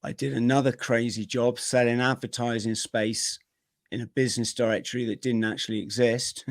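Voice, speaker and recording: A middle-aged man, a podcast guest, telling his own story in a vivid, energetic way with plenty of slang. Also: mid-range voice, moderate pace, no room sound, studio quality. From Britain. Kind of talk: personal storytelling in an interview.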